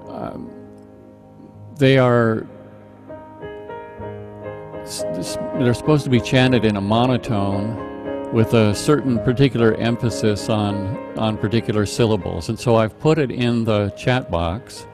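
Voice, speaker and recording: A middle-aged man teaching a live online meditation class, calmly explaining a chant with patient, halting restarts. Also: fairly low pitch, over music. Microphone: video call microphone.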